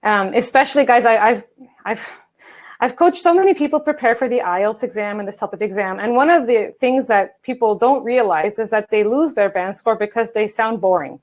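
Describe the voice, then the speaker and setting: Energetic woman coaching viewers, fairly high voice. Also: moderate pace, low-quality recording. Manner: energetic, chatty, addresses viewers as guys. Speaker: English coach and presenter. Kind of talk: online workshop talk. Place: home office at a standing desk. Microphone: video call.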